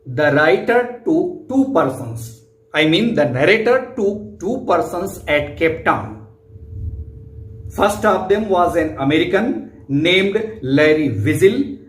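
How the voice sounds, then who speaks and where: A man with an Indian English accent, teaching an English lesson slowly and patiently, repeating points for his students. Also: fairly high pitch. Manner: slow, repetitive explaining, addresses students directly. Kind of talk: classroom lecture explaining a text. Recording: roomy echo.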